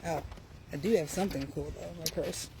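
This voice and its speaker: A woman hosting a casual livestream outdoors by her car. She talks in an animated way, often laughs and chats to her viewers over a phone. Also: low voice, quick pace, gravelly, background noise. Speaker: livestream host.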